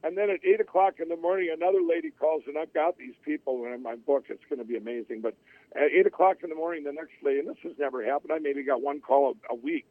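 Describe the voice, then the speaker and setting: A man's voice: a little high, quick pace, no echo. Man telling his story over a tinny line. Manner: rambling, with many restarts and acted-out quotes. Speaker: interview guest. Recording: tinny phone-line audio.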